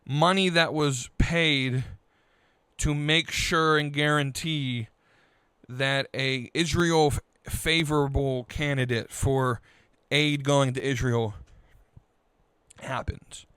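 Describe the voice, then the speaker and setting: A man hosting a podcast, venting in a frustrated, halting political rant full of restarts. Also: medium pitch, steady tone, sharp tone, smooth, no room sound, studio quality. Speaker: podcast host.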